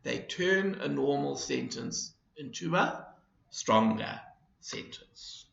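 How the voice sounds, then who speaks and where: Slow, gravelly man teaching grammar. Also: on the high side, animated, a bit bright. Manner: slow, deliberate explanation with repeated examples. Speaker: English teacher. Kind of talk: grammar lesson. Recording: dull, roomy lesson recording.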